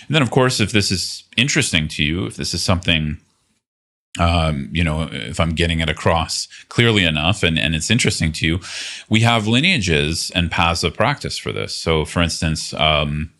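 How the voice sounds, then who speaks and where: A man with a very low voice talks through meditation practice as a teacher. He speaks in an easy, reflective way and often pauses with little fillers and restarts. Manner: relaxed, thoughtful, many fillers and restarts. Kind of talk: casual teaching talk.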